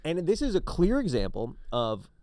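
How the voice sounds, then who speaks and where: A man's voice: a little high, wildly swooping pitch, moderate pace, darkish tone, no room sound. A man, a comedian co-hosting a podcast, telling playful stories in casual chat. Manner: playful, laughing, acts out voices in his stories.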